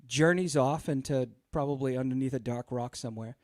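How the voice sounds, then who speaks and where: A man's voice: mid-range voice, brisk, a little mellow, no echo, studio quality. Exasperated man telling a story. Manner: profane, exasperated, lots of fillers. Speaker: podcast host. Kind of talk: casual storytelling.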